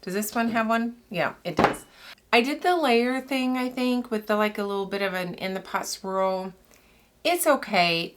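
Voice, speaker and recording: A woman's voice: mid-range voice, a bit bright. A young adult woman, a soap maker chatting casually with her channel as she cuts soap, rambling and laughing often, a little out of breath. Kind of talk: casual chat while cutting soap.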